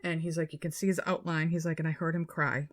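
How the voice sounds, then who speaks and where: Animated woman retelling a story. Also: sits low, quick pace. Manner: animated retelling, swearing, quoting people in their voices. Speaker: podcast co-host. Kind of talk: casual storytelling chat.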